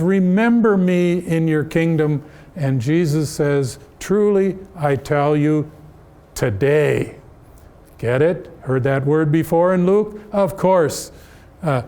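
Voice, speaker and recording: A middle-aged man teaching an adult Bible class, speaking deliberately and asking the class questions. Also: on the high side, darkish tone.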